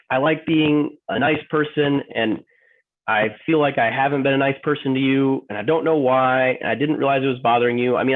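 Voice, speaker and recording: A man's voice: mid-range voice, close to an everyday voice. A man playing an emotional office worker in a training role-play, stammering, repeating himself and apologizing over and over. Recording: tinny phone-like line.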